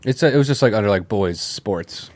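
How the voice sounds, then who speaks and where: A man co-hosting a comedy podcast, doing improv with an offhand, deadpan delivery of dark jokes. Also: on the low side, brisk. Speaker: podcast co-host.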